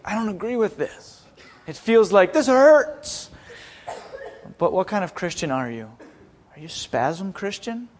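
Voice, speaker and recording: A young man with a high voice giving a storytelling sermon. He talks in an animated way, acting out quoted lines with shouts and laughter before settling into prayer. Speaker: speaker at a school chapel.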